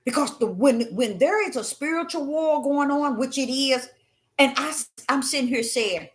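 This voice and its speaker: A woman hosting a spiritual talk, telling stories in an animated, emphatic way that swings between loud and hushed. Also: high voice, normal speed. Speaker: host.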